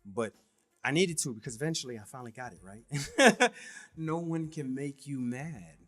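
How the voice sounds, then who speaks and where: A man's voice: mid-range voice, expressive, normal speed, fairly bright tone, soft background music. A man co-hosting a casual podcast chat, talking reflectively and often checking in with "right?". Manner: reflective, asks "right?" and "you know what I mean?". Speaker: podcast co-host.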